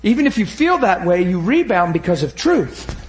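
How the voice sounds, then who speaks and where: High-voiced man preaching a fiery sermon. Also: sing-song, moderate pace, reverberant. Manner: swings from shouting to low, hushed retelling; urges the crowd with repeated calls of "come on". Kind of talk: impassioned sermon.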